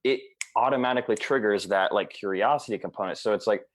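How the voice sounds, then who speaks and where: A man's voice: fairly low pitch, quick pace, hardly any pauses. A man chatting casually as a sales coach, peppering his talk with "like" and the odd swear word. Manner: casual, fills speech with "like", swears. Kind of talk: casual podcast chat.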